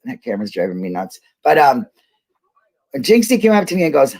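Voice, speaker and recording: A woman's voice: extremely low pitch, very animated, a little fast, a little mellow, breathy edge. A woman hosting a casual livestream, rambling and laughing as she talks to her viewers. She gets emotional easily. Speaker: YouTube livestream host.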